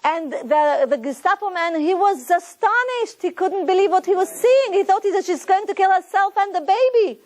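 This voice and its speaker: Earnest high-voiced woman teaching. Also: animated, moderate pace, few pauses. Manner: earnest, preaching, retells stories with quoted voices. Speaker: Torah teacher. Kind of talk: lesson to a women's group.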